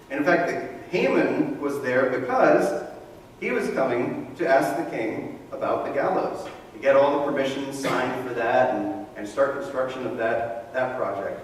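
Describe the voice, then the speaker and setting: A male pastor preaching a sermon, telling the story in a conversational, animated way with casual asides. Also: medium pitch, moderate pace. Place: church sanctuary. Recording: echoey hall, mic far from speaker, faint room noise.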